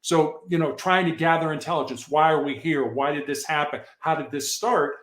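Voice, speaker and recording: A man tells stories from his old work on a podcast, earnest and explanatory, often restarting his sentences. His voice sits fairly high. The room around him rings with a noticeable echo. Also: moderate pace, fairly bright tone. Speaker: podcast guest, former hostage negotiator. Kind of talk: casual interview storytelling. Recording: echoey room.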